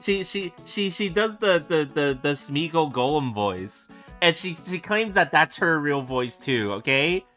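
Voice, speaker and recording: Bright-sounding guy chatting on stream, keeps laughing and teasing, trips over words, faint music under it. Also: fairly high pitch, expressive, measured pace. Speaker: streamer and illustrator. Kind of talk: casual stream chat. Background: background music.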